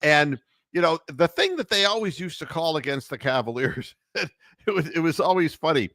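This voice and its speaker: A man hosts a casual sports talk show, his pitch leaping around as he mocks what he saw. The sound is dry and close to the mic. He laughs as he talks and slips into jokey voices. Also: normal speed, no echo. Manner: animated, mocking, laughs while talking; puts on announcer and referee voices. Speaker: sports talk radio host.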